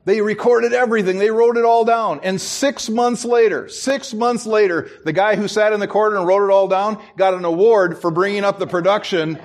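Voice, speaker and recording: A man's voice: high voice, steady tone, normal speed, few pauses. A middle-aged man preaching a sermon as pastor, telling stories and acting out the people in them. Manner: storytelling, acts out quoted voices, chuckles at himself.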